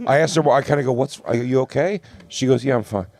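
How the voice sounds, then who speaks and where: A man's voice: medium pitch, fast talker, creaky, darkish tone, no echo, studio quality. A man co-hosting a comedy podcast, telling a rambling, profane story and acting out what others said. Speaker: podcast co-host. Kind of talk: casual storytelling among friends.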